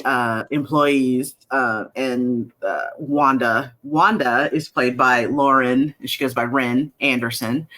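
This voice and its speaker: Chatty woman talking about her cartoon's cast, lots of ums, bright forceful voice, acts out what people said. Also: rumbling low. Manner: chatty, many fillers, acts out quotes in lively voices. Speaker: creator of an animated series, interview guest. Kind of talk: casual interview chat.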